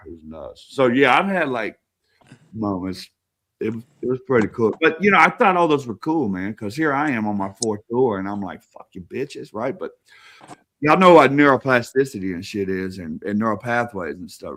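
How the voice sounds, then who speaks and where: A man tells stories on a casual podcast with a bright, forceful edge to his voice. He swears nearly every sentence, rambles from one tangent to the next and laughs as he goes. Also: lowish voice, lively intonation, normal speed. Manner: profane, rambling, laughs often. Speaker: podcast guest. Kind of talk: casual storytelling.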